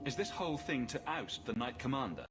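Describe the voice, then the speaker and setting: A man voicing a calm, reasonable male hero in a fantasy video game, speaking level and questioning, with game music behind. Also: medium pitch, a little fast. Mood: measured.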